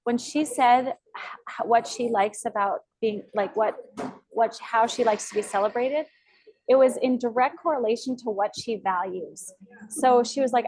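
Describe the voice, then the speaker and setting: A woman coach guiding a group call with a slightly high voice. She affirms what others share and asks reflective, open questions. The sound is that of a video call. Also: normal speed, a little mellow, a little hiss or hum, rough recording.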